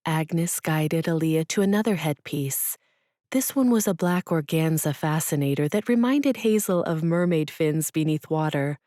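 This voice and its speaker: A woman reading a romance audiobook as narrator, telling it in a measured, gentle way. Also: low-pitched, dry recording, clean studio sound. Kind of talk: scripted narration.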